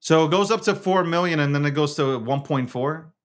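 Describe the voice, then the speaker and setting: A man's voice: on the high side, a little fast. A man hosting his own show, talking in a casual, slangy monologue with lots of stammered restarts. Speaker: show host.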